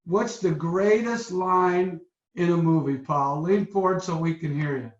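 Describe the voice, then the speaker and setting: A man hosting a motivational webinar as a coach, telling stories in a lively, upbeat way over a video call. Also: high-pitched, a little slow. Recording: roomy, dull lo-fi webinar audio.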